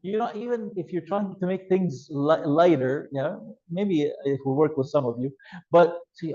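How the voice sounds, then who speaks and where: Animated man teaching a class. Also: on the high side, a little slow, dull audio. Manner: animated, acts out scenarios with voice changes. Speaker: youth ministry instructor. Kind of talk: classroom lecture with role-play examples.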